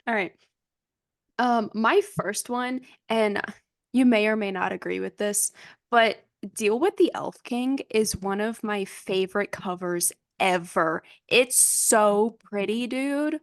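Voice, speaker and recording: A woman's voice: mid-range voice, slow, dry recording. Enthusiastic young woman, dry close sound. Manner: enthusiastic, rambling with restarts. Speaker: podcast co-host. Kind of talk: casual chat.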